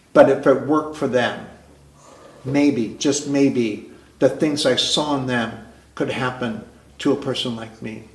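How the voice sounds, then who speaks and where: Earnest man telling his story in a roomy hall. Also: medium pitch. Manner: earnest, halting, with frequent restarts. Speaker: recovery meeting speaker. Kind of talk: sharing a personal story at a meeting. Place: recovery club meeting room. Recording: roomy club meeting hall.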